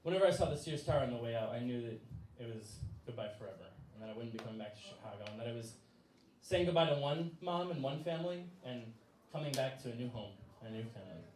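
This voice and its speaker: A man's voice: mid-range voice, expressive, fast, a little mellow, a little hiss or hum. Man telling a story on a live stage. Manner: casual, laughing, with many fillers. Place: stage in a small venue. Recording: echoey room from far off.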